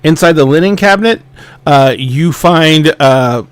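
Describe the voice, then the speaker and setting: A man narrating as game master, describing a scene with casual, halting wording. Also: fairly high pitch, smooth, dry recording.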